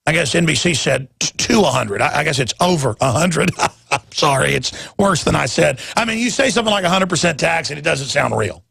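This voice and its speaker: A man rants through a talk radio monologue, rambling and then jumping into sudden loud emphatic bursts. His voice sits fairly high, with a rough gravelly fry and a husky edge. The sound is close and dry. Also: expressive, brisk, dry recording.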